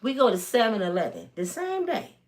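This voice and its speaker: A woman's voice: fairly high pitch, brisk. A woman in her fifties from Michigan, telling a personal story in a casual, emphatic way. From Michigan, USA. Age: 50s. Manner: animated, emphatic, acts out voices. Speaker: storytelling vlogger.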